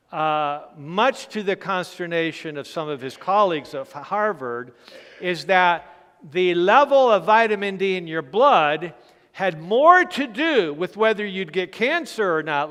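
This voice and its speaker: A middle-aged man delivers a health seminar lecture in a high, smooth, resonant voice. He explains emphatically and stresses key points. The sound carries a long reverb from a church hall. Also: sing-song, measured pace, bright, forceful tone. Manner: explanatory, checks in with "Okay" and "Right?". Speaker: physician giving a health seminar.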